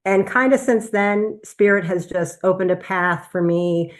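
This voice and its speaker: A woman physician giving an animated personal testimonial at a business presentation. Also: medium pitch, measured pace. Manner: animated storytelling, acts out quoted voices.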